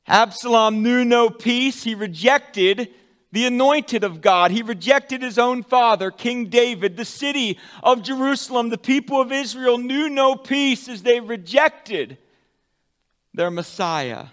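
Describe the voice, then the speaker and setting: A pastor preaching a sermon, with dramatic swings from loud emphatic peaks to hushed, soft endings. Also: male voice, very high-pitched, unhurried, in a large hall.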